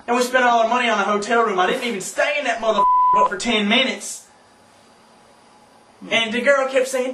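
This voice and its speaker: A young Southern man casually telling a profane, animated story to friends, laughing often and yelping through his quoted outbursts, recorded from far off in an echoey room. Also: very high voice, a little fast, pauses often. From South Carolina, US. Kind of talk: casual anecdote among friends. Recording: echoey room, mic from far off, faint noise.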